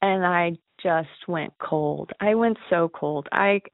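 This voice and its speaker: A woman's voice: on the low side, slow pace, no echo. A woman earnestly recounting a personal ghost encounter, with nervous laughs. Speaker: caller sharing a ghost story. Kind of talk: emotional personal storytelling. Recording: tinny phone line, dry.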